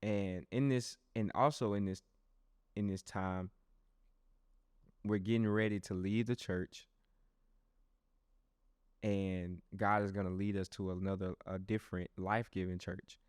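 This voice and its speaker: A young adult man hosting a podcast and telling a personal testimony in a loose, animated, conversational way, often speaking straight to his listeners. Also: low-pitched, a little slow, pauses often, clear, resonant tone, no room sound, clean studio sound. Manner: animated storyteller who talks straight to listeners; loose and conversational, with frequent restarts. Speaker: podcast host.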